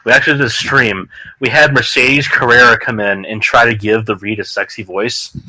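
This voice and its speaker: A man's voice: mid-range voice, steady tone, moderate pace, bright, forceful tone, no room sound, poor audio. A man in a casual podcast chat who talks bluntly and sarcastically and swears freely.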